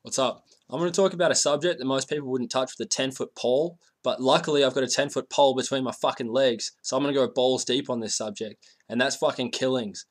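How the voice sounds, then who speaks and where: A man's voice: mid-range voice, fast talker, few pauses. Crude swearing male ranter. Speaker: video ranter. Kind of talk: profane comic rant.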